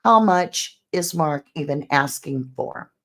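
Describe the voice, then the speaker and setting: A woman's voice: low voice, lively intonation, slow. A woman hosting true crime commentary who reads out messages and asks speculative questions about the case. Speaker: true crime channel host.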